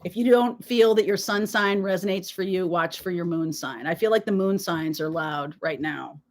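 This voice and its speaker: A woman's voice: on the low side, normal speed, a little hiss or hum. A woman hosting a live tarot reading, talking to her viewers in a reassuring, emphatic way while nursing a sore throat. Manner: reassuring, emphatic, peppered with "okay?". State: sore throat, frequent throat-clearing. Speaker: tarot reader, live stream host.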